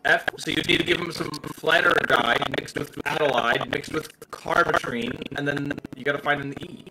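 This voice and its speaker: A man's voice: normal speed, loud music behind the voice, poor audio. A man chatting along with a game stream, joking and playful. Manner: playful, jokey, swings his pitch. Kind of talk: casual gameplay chat.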